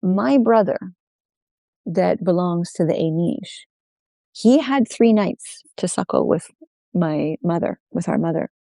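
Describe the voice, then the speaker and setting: A woman storyteller voicing a newborn foal who talks with quiet confidence. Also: lowish voice, animated, slow pace, creaky, no echo, exaggerated voice. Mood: confident. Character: young foal, bold and self-assured.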